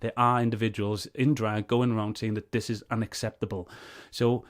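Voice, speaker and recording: A man's voice: on the low side, fairly even intonation, moderate pace, hardly any pauses. A man reviewing a video clip, arguing back at it in an earnest, heated way. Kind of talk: reaction commentary on a clip.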